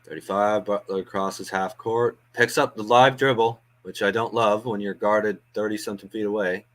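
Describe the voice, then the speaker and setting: A man with a lowish voice calls a basketball game in casual play-by-play for a home stream. He thinks aloud as he goes, chatty and loose, with plenty of ums and uhs between plays. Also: steady tone, moderate pace. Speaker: watch-along host doing play-by-play. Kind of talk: casual live play-by-play commentary. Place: home watch-along stream.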